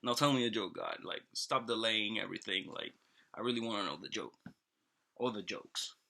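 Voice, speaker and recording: A man's voice: on the low side, normal speed, creaky, sharp tone. A man voicing an exasperated, swearing man newly arrived in heaven who keeps demanding answers. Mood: impatient. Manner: swearing, incredulous, pushy.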